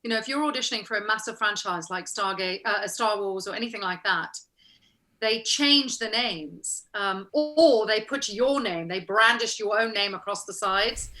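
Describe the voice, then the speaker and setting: A woman's voice: mid-range voice, moderate pace, pushed and bright. A woman actor being interviewed, recounting an anecdote animatedly, laughing and acting out the people she quotes. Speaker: actor guest. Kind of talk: casual interview storytelling.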